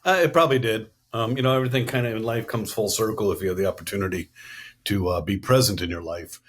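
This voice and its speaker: A man's voice: fairly low pitch, fast, slightly rough. A middle-aged man from the US East Coast, telling stories in an earnest, businesslike way as a podcast guest. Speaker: guest, company CEO. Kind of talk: storytelling interview answers.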